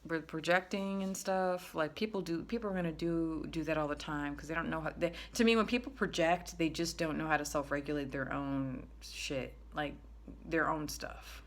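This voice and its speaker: A woman giving a frank, rambling self-help monologue, often restarting her sentences and jumping up in pitch when she makes a point. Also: moderate pace. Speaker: spiritual self-help creator. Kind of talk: casual spoken monologue.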